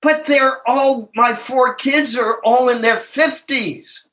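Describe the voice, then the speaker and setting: A very high-pitched, slightly bright male voice moves slowly with few pauses. He's a man in his seventies sharing at a recovery meeting, giving a reflective, sincere testimony while chuckling at himself and hitting key words hard.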